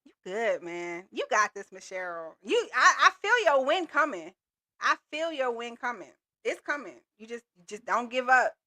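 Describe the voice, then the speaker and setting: Bright, upbeat woman coach live. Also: on the high side, sing-song, normal speed. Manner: upbeat, motivational, casual slangy talk. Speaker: business coach and livestream host. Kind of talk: live call-in coaching stream. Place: Texas.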